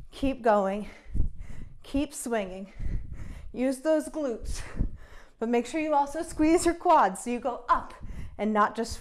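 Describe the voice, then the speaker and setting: Breathless young woman coaching a workout while doing it, upbeat cues, countdowns, a bit high pitched. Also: slight background noise. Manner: encouraging, counts down reps while exercising. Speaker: fitness instructor. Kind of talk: follow-along workout coaching.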